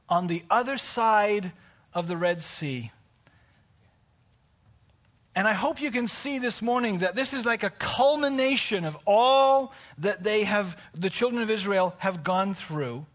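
High, bright-voiced pastor preaching. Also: male voice. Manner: personal and heartfelt, building to emphatic preaching. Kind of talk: conversational sermon.

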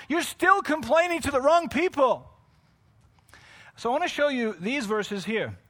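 A man preaching a sermon to his congregation, dropping to quiet, close asides and rising to loud shouts, with frequent off-the-cuff self-corrections. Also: extremely high pitch. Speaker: pastor.

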